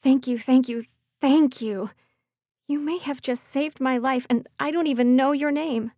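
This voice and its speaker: A woman's voice: high voice, moderate pace, darkish tone, dry recording, voice pushed up. A woman voicing a young heroine who speaks earnestly and urgently, close to her own reading voice. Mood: grateful. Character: young woman heroine, desperate but determined.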